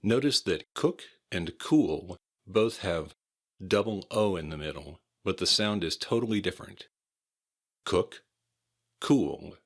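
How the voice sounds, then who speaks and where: Deep, slow American pronunciation teacher. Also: male voice, expressive. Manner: repeats each word slowly and clearly. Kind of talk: slow, careful pronunciation lesson.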